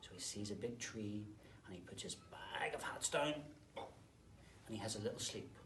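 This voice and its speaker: Man, teacher, children's storytelling, whispers and loud bursts, roomy echo, faint background noise. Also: on the low side, unhurried, recorded from a distance. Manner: animated, with whispered asides and sudden loud bursts.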